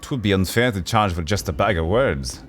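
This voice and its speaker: A man's voice: deep voice, animated, normal speed, faint music behind. A man voicing a friendly old retired male city guard with a Scottish accent, chatty and folksy in an old-timey way. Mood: wistful.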